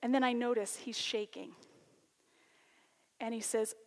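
A woman teacher telling a personal story in a sermon, animated and conversational. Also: a little high, measured pace, in a large hall. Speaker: college teacher and speaker.

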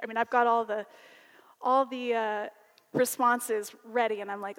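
A woman teacher telling a personal story in a sermon, animated and conversational. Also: fairly high pitch, measured pace, in a large hall. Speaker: college teacher and speaker.

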